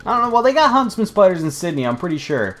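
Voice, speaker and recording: A man's voice: high-pitched, big pitch swings, fast talker, a bit bright. A young man rambling and swearing freely while commenting on his gameplay. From United States. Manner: rambling, profane, chatty. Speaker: let's play host.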